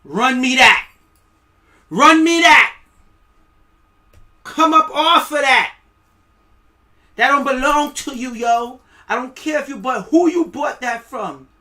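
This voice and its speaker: A man doing a loud, bossy food-seizing official. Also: very high voice, slow, pauses often, voice pushed up, exaggerated voice. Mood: menacing. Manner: loud, bossy, street-tough demands. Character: aggressive male official seizing people's food.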